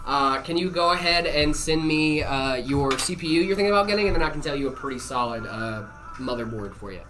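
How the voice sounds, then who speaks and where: A man's voice: a little high, a little fast, background noise. A man hosting a live stream, casually answering viewer questions with lots of "uh" and "um" and easy jokes. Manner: relaxed, full of "uh" and "um" fillers, jokey.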